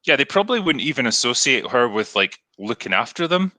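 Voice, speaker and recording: A man's voice: mid-range voice, big pitch swings, a little fast, bright, forceful tone, dry recording. A man with a Scottish accent hosting a casual film discussion, laughing often and acting out lines from the film. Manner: laughs often, acts out quotes. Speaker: podcast host.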